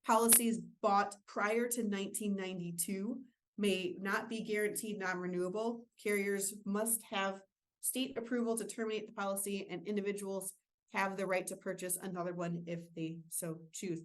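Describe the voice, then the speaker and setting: A woman's voice: mid-range voice, steady tone, moderate pace. A woman presenting an insurance training webinar, explaining rules in a casual way with filler words and joking asides. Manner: casual, self-deprecating asides.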